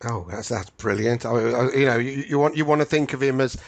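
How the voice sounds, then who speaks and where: A man with a gravelly, creaky voice hosts an interview and keeps the conversation going with keen remarks. He stumbles over and repeats his first words before settling in. The sound is close and dry, with no room echo. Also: mid-range voice. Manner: enthusiastic but halting, repeating words as he starts. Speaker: podcast host and interviewer. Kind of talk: interview chat.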